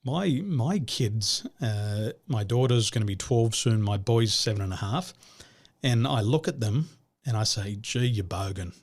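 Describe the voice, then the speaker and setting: A husky-voiced Australian man in his forties chats as an interview guest over a remote call. He sounds relaxed and jokey, easing into his answers with little fillers. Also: medium pitch, measured pace. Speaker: business consultant guest. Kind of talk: casual interview conversation.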